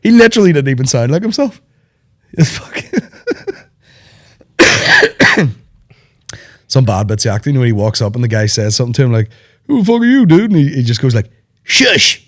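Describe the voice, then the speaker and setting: Sweary podcast host. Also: male voice, medium pitch, normal speed, long pauses. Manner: animated, sweary, rambling banter. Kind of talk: casual chat.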